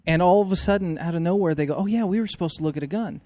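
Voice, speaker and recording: A man's voice: high voice, very fast, dark tone, no echo. A man asking questions and telling stories in casual radio banter. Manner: storytelling, inquisitive.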